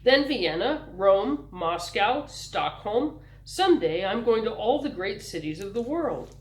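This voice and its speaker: A woman's voice: medium pitch, lively intonation, a little slow, roomy sound, lightly acted, poor audio. A woman voicing a kind, patient teenage boy who speaks in a reassuring, thoughtful way.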